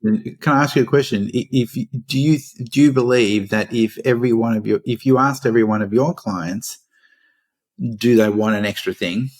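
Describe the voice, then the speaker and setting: A man co-hosting a casual podcast, teasing and quick to laugh. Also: mid-range voice. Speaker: podcast co-host.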